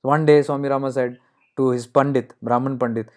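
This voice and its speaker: A man's voice: mid-range voice, steady tone, brisk. Man teaching spirituality. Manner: earnest, explanatory. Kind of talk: spiritual talk with storytelling.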